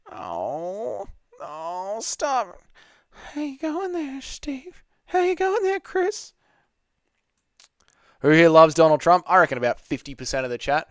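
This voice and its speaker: A man's voice: fairly high pitch, fairly bright tone, smooth, no echo, studio quality. A young man hosting a casual live Q&A, reading chat messages aloud and bantering with viewers.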